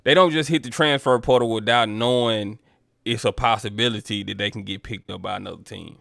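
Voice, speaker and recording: This man's voice is on the low side, fairly quick and a bit bright, with vocal fry and no room sound. He hosts a casual sports talk stream, reading viewer comments in loose chat and calling his audience y'all.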